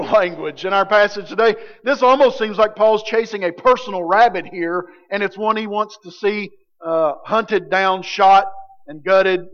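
A man preaching a sermon as pastor, animated, swinging from loud emphatic lines to quiet low ones. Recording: dull lo-fi sound with long hall reverb.

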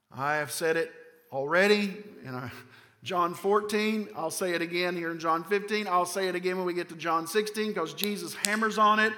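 Man, Southern American accent, pastor, emphatic sermon, rhetorical questions, higher voice, long hall reverb. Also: fairly bright tone.

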